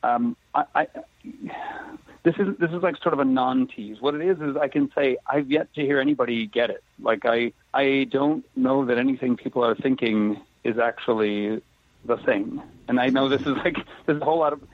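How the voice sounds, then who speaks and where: Husky man on a tinny phone line. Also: mid-range voice, lively intonation, no room sound. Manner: careful and measured, avoids spoilers. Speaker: actor guest. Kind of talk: casual interview chat.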